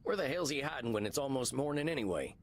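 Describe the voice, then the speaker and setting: A man's voice: mid-range voice, animated, quick pace, slight background noise, natural voice. A man plays a friendly cowboy vampire with a Southern US accent, folksy and plain-spoken. His mid-range voice swings up and down a lot as he talks. Blunt but kind. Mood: worried. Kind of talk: voiced game dialogue.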